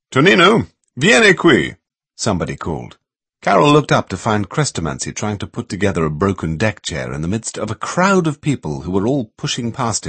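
A man's voice: medium pitch, breathy edge, no room sound. A man narrating an audiobook expressively. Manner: expressive storyteller doing many voices.

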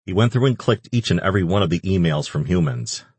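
A man narrating an audiobook in a steady, wry storytelling manner. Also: low voice, quick pace, husky, no room sound.

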